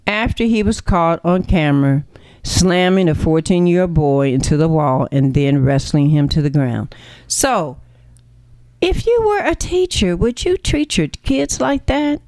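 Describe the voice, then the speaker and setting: Slow, animated woman talk radio host. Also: fairly low pitch, no room sound. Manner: emphatic, preachy, full of rhetorical questions. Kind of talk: opinionated talk radio commentary.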